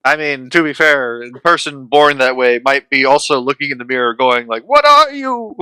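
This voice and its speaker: A man's voice: mid-range voice, steady tone, brisk, sharp tone, clear, resonant tone, dry recording. A young man chatting casually on a podcast, wry and matter-of-fact. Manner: wry, explains things matter-of-factly. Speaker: vtuber guest.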